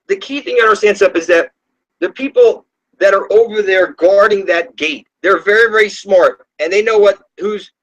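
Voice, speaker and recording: Recorded at home with poor audio, a man with a high, fairly bright voice posts an online video rant on spiritual matters. He's profane, scornful, and preachy, rambling on and often trailing off before restarting his sentences.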